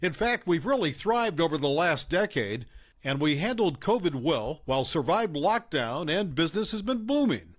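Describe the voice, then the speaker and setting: Lively male story narrator. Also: a little high, moderate pace. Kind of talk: reading stories aloud.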